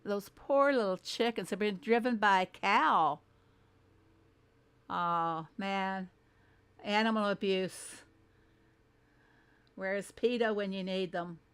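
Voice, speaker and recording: A woman speaks with a Southern American twang in an easygoing, mid-pitched voice. She hosts a casual reaction commentary, chatting with her viewers. She often breaks into laughter and teases herself. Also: takes it slowly, pauses often, fairly bright tone, smooth. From Southern United States. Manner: chatty, laughs often, self-deprecating asides. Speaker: host.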